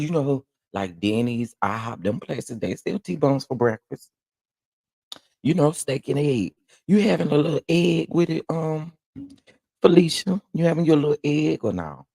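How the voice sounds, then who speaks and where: A man from Texas with a Southern accent, hosting a casual morning livestream, chatting and reading viewer comments with lively, laughing exclamations. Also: gravelly, no room sound, studio quality. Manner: animated, laughing, jumps into high exclamations. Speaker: livestream host.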